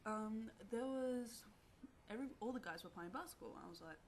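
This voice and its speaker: A young woman telling a personal story to camera in a rambling, halting way, full of fillers. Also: on the high side, slight background noise. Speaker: vlogger.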